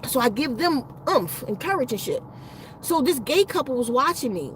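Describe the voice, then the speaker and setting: Her voice is high and sing-song, moving at a moderate pace over a rough recording with slight hiss or hum. The woman runs a spiritual healing channel and is relating a profane, wandering story during a relaxed livestream chat.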